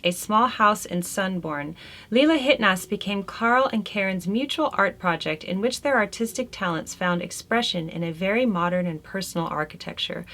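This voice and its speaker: A woman's voice: mid-range voice, fairly bright tone. Chatty woman host reading art history. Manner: conversational, chatty, laughs between remarks. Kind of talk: reading notes aloud with casual asides.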